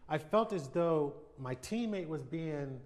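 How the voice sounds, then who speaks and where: A retired American baseball player in his fifties, guesting in a sit-down TV interview, speaks with candor and reflection and performs quoted voices. His voice is a little high, expressive and unhurried.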